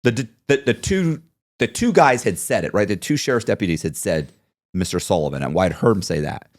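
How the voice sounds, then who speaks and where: A man's voice: low-pitched, a little fast, no room sound, studio quality. A man guest in an interview, telling a long story and acting out the voices of others in it. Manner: animated storyteller, acts out quoted voices. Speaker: podcast guest.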